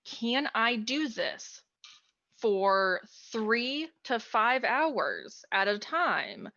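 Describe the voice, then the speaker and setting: Bright-voiced woman giving casual advice. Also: on the high side, big pitch swings, drawn-out words, creaky, dry recording. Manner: chatty, advice-giving, laughs at herself. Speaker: tabletop game player, panelist. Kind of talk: casual panel chat. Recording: dull, dry, muffled audio.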